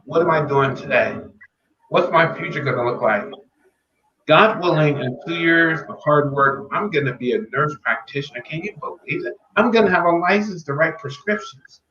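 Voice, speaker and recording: A man's voice: on the high side, bright, forceful tone. Earnest man giving faith testimony. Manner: earnest, faith-filled, repeats key phrases. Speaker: podcast guest. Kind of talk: personal testimony. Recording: echoey, dull, slightly noisy remote audio.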